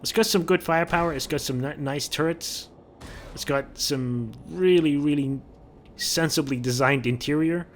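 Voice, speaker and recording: A man's voice: fairly high pitch, moderate pace, a little hiss or hum. Chatty man narrating gameplay. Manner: chatty, repeats words while thinking aloud. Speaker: gaming video creator. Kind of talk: casual gameplay commentary.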